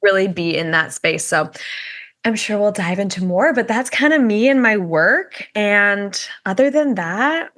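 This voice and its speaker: A woman's voice: medium pitch, lively intonation, unhurried, fairly bright tone. A young adult woman, a dating coach, talking as a guest in a casual podcast interview, chatty and full of "like" fillers.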